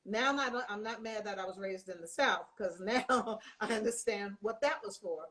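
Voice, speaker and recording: An older woman telling lively stories in a casual chat, acting out the people she quotes. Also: mid-range voice, moderate pace. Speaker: guest.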